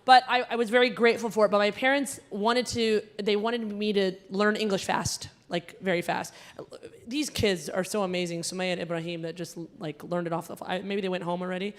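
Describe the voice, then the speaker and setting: A woman's voice: medium pitch, fairly even intonation, fairly quick. A woman emcee doing stand-up comedy at a gala, chatty and teasing the audience, with a Connecticut-like American accent, on a stage mic in a large hall. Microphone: handheld stage mic.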